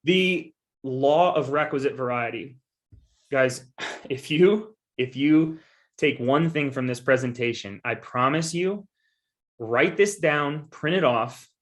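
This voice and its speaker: Speaking slowly in a mid-range voice, a man gives a coaching talk on investing as a guest speaker on real estate. He's casual and directly addresses listeners as "guys," while pressing his case emphatically with frequent repeated assurances.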